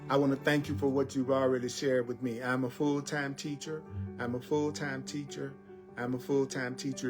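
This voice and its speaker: A man giving a spiritual teaching talk as a teacher, slowly and deliberately repeating affirmations. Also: medium pitch. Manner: slow, deliberate repetition of affirmations.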